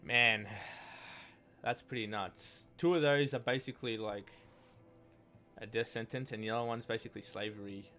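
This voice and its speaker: A man's voice: mid-range voice, steady tone, moderate pace, faint music behind. A man giving casual gameplay commentary, reading in-game texts aloud in a rambling, hesitant way with many restarts. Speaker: let's play gamer.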